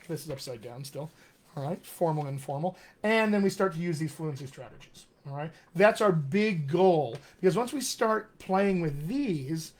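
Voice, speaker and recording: Enthusiastic male dialect coach. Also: high-pitched. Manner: enthusiastic, demonstrates sounds, reads viewer comments aloud. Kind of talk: live-streamed accent Q&A.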